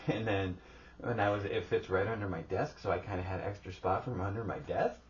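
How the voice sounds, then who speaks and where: A man's voice: lowish voice, fairly quick, far from the mic. A middle-aged man co-hosting a podcast with his wife, telling profane stories in casual chat. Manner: profane storytelling, swears freely. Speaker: podcast co-host. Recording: dull lo-fi sound with faint background hiss.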